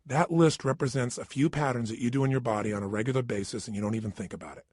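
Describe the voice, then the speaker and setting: A middle-aged man giving an energetic motivational talk into a studio microphone, emphatic and questioning the listener directly. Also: medium pitch, very fast, no room sound. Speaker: motivational speaker.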